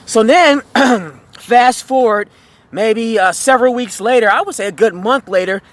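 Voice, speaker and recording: A man's voice: extremely high pitch, a little slow, a bit bright, dry recording. A man telling a storytime tale as a heated, profane rant, rambling with fillers and restarts.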